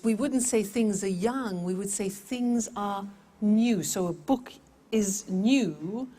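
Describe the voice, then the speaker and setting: A woman teaching an English lesson at a slow, measured pace. She speaks deliberately and repeats each word carefully so learners can follow its pronunciation. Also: mid-range voice, a little mellow, husky. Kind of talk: scripted language lesson.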